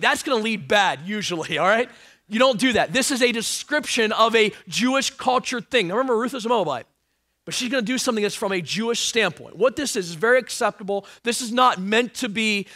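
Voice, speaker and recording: A man preaching a sermon with a high, bright voice that moves from loud emphatic passages down to near-hushed lines. He throws in joking asides for the congregation. The sound is dry and close, with little room around it. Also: no room sound. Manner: animated, swings from loud emphasis to hushed tones. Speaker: pastor.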